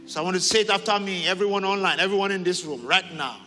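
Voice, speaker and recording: A man's voice: high voice, fast talker, soft background music. Preaching man in an echoing hall. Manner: declares lines for the congregation to repeat; rises to fervent shouting in prayer. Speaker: pastor. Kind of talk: sermon and prayer. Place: large church hall.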